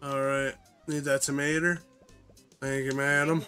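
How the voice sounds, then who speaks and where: A man's voice: medium pitch, level tone, measured pace, sharp tone, clean tone, faint music behind. A man hosting a co-op cooking game, energetically calling out orders and teasing his teammates. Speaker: host. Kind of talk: playing a cooking game with friends.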